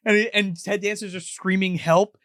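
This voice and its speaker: A man co-hosting a casual movie podcast, animated and profane, acting out lines from the film. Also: a little high, normal speed, no echo, clean studio sound. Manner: animated, acts out movie lines, swears freely. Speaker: podcast co-host.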